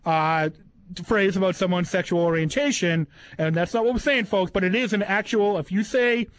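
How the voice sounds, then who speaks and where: Boston guy with a high voice joking around on a podcast, dry close sound, keeps repeating words. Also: normal speed, no room sound, poor audio. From New England. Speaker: podcast host. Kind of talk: casual comedic chat.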